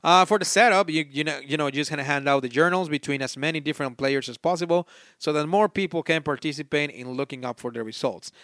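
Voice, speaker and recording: A man's voice: on the high side, fast, a bit bright, dry recording, clean studio sound. A man with a non-native English accent hosting a solo board game podcast. He chats casually and reads game text aloud, often stopping to restart a phrase. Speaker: podcast host.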